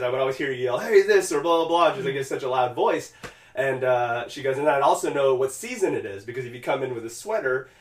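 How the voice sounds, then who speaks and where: Fast-talking guy on a podcast acting out a game scene, kinda off mic in an echoey room. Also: medium pitch, recorded from a distance. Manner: animated storyteller, acts out characters' lines, swears freely. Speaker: podcast co-host. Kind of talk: casual chat, retelling a game scene.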